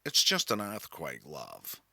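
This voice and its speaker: A man voicing an unflappable middle-aged woman who speaks in a low, lazy transatlantic drawl. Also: huge pitch swings, slow pace, gravelly, pushed and bright, no echo, studio quality, exaggerated voice. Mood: unbothered.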